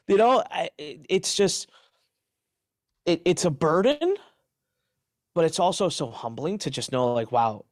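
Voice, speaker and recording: A man's voice: sits high, very animated, measured pace, long pauses, no room sound, clean studio sound. A man being interviewed, telling his story emphatically and with animation, often restarting his sentences. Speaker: interview guest. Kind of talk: candid interview answers.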